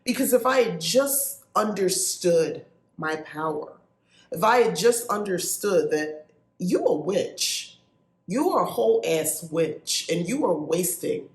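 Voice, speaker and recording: A woman in her forties with a nasal South Jersey accent, telling a story to her podcast listeners in a chatty, animated way. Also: medium pitch. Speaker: podcast host. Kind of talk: casual storytelling monologue. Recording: echoey room.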